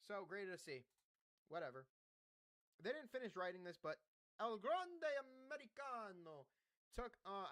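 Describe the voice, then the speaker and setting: A man's voice: on the high side, pushed and bright. A young man hosting a wrestling podcast, recapping the show casually, swearing and joking at himself. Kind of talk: casual wrestling recap, reading notes aloud.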